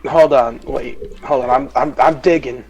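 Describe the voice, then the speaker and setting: A man's voice: medium pitch, fairly even intonation, unhurried, a little mellow, breathy edge, faint music behind, rough recording. A man joining an interview as co-host, chiming in with laid-back, jokey remarks. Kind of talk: casual chat interview.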